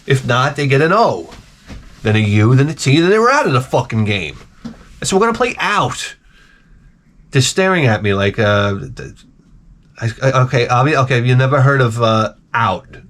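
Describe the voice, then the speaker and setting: A man's voice: mid-range voice, big pitch swings, moderate pace, a bit bright. A man telling comic stories to camera in a rambling, exasperated, profane rant full of restarts. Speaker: vlogger. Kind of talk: comedic storytelling rant.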